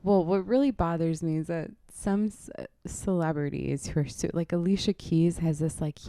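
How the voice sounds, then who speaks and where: A woman co-hosting a comedy podcast in casual chat, halting and full of fillers. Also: on the low side, warm tone, dry recording. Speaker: podcast co-host.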